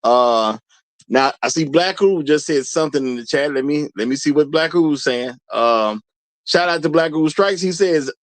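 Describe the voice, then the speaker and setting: A man's voice: fairly high pitch, normal speed, no echo. A man hosting a livestream, talking casually, reading chat aloud and repeating his phrases. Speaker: livestream host.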